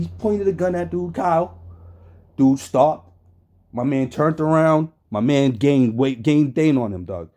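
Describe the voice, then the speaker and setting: Hyped up streamer guy, swings his pitch all over, cusses nonstop, slangy. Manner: animated, swears constantly, laughs often, slangy. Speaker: streamer reacting to a trial. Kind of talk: profane casual commentary.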